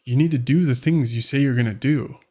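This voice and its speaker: A man's voice: medium pitch, fairly quick, dark tone, lightly acted. A man voicing an unimpressed wife in a plain, dismissive tone. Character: annoyed wife, adult woman, unimpressed.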